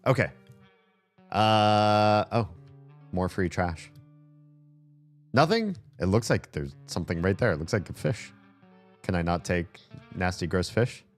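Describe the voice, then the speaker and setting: Streaming a game, a man with a deep, animated voice chats at a measured pace with long pauses. He rambles aloud with lots of filler words, and faint game music sits in the background of this casual commentary.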